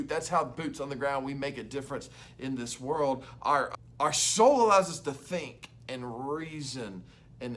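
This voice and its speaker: A young adult man, a youth pastor, giving an energetic, loud and chatty devotional talk to camera. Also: a little high.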